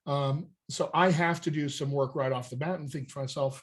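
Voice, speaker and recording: A man from the United States who coaches voice and dialect, explaining accent technique in an energetic, conversational way and checking in with "all right?". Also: fairly high pitch, normal speed. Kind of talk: coaching talk on a group call.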